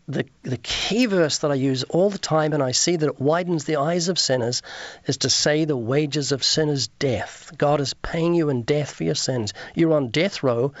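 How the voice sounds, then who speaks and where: A man's voice: mid-range voice, dry recording, lo-fi sound. A man, an evangelist guest on a radio interview, preaching earnestly, quoting scripture and acting out street conversations.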